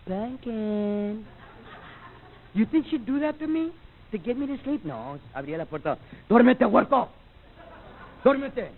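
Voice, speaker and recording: A man's voice: extremely high pitch, sing-song, fast talker. A male stand-up comedian with a Mexican-American accent, mixing English and Spanish and acting out family voices in a comedy set. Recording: tinny, phone-like VHS broadcast audio.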